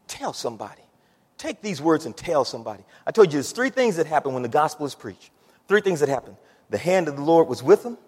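Animated preacher in a reverberant hall. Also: male voice, medium pitch, husky. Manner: animated, swings from quiet to shouting, laughs between points. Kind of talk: sermon.

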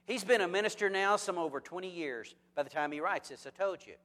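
Man, preacher, higher-pitched voice, lively rhetorical questions, joking asides, long reverb in a church hall. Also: a little fast. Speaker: pastor. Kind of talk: sermon.

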